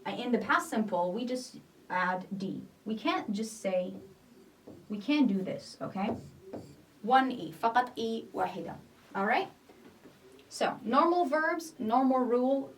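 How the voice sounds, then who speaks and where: A woman's voice: a little high, recorded from a distance. A woman teaching an English grammar lesson, explaining patiently, repeating each point and checking in with "okay?". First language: not Arabic.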